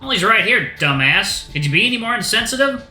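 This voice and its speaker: A man's voice: high voice, very animated, fast talker, sharp tone, roomy sound, soft background music, pitched above the performer's own voice, exaggerated voice. Man doing a hot-headed angry hyena guy. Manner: irritated and harsh.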